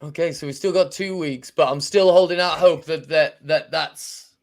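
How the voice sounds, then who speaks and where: A man's voice: on the high side, steady tone, normal speed, vocal fry. A man co-hosting a podcast in casual chat, hesitant and full of restarts. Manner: hesitant, lots of restarts and fillers. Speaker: podcast co-host.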